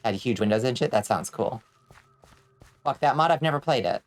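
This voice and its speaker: A woman's voice: rumbling low, normal speed. A woman streaming a video game, chatting casually with viewers and shrieking and swearing when things go wrong. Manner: excitable, screams and swears when in danger. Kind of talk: casual gaming stream chat.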